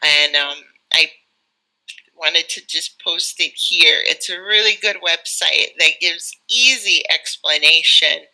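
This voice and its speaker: Speaking slowly in a low, bright, forceful voice, this American English tutor from the United States offers encouraging tips during a live online teaching chat. She leans heavily on "you know" as a filler, and the audio quality is poor.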